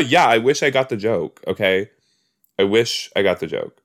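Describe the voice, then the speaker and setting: A man's voice: on the low side, lively intonation, normal speed. A man hosting a podcast, giving casual solo reactions while he watches a TV episode. He chats, laughs at his own jokes and tosses out rhetorical asides.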